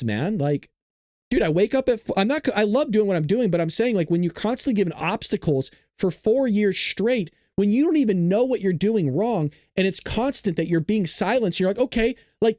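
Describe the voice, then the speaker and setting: A man's voice: sits high, a little mellow, no room sound, studio quality. A male show host ranting to his live-stream viewers, frustrated and full of profanity, talking straight to his audience.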